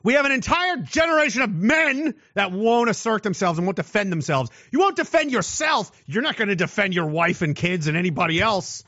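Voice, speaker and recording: A man ranting in a combative, profane way, often breaking into shouts. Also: high voice, no echo. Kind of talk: profane angry rant. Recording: dull, dry lo-fi recording.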